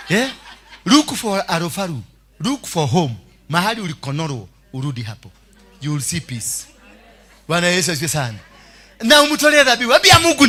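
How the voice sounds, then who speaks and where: High-pitched, fiery Kenyan preacher man. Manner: preaching with shouts, laughter and call-and-response. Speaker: pastor. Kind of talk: sermon.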